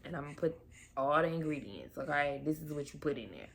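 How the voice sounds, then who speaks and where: A young woman talks to her camera like she's catching up with friends, chatty and expressive, dropping casual slang. Her voice sits a little low for a woman. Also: fast, creaky. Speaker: mom vlogger.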